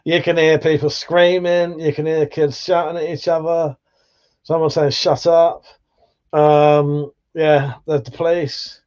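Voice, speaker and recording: Swearing streamer chatting. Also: male voice, a little high, little pitch movement, a little slow, darkish tone, clean tone, muffled recording. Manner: rambling, swears freely, laughs often. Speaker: livestream host. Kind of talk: casual livestream chat.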